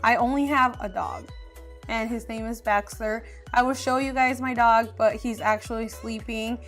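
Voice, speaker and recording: A woman's voice: on the high side, fairly even intonation, normal speed, a bit bright, soft background music. A young woman from Arizona chatting casually in a get-to-know-me Q&A, candid and chatty with frequent fillers. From Arizona, USA. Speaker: beauty vlogger.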